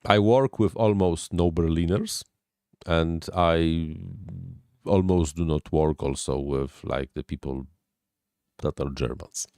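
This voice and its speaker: A man who is not a native English speaker, hosting a casual live stream and answering viewer questions with halting technical explanations. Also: extremely low pitch, darkish tone, no room sound, clean studio sound.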